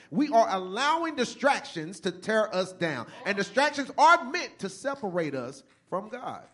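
A man delivers a sermon in a high-pitched, slightly bright voice. He reads scripture slowly at first, then builds into a fervent, rising cadence with repeated phrases.

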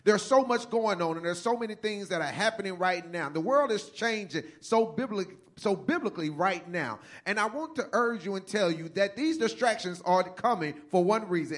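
A man preaching a sermon, reading scripture slowly and then building to a fervent, rising cadence with repeated phrases. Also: high voice, animated, fairly bright tone.

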